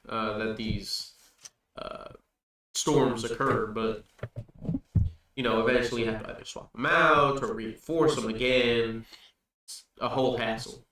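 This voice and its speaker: A man's voice: medium pitch, a bit bright, natural voice. A man voicing a patient village stableman. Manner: patient, folksy explaining. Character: adult male stableman, practical and explanatory. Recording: echoey room, distant mic, faint music.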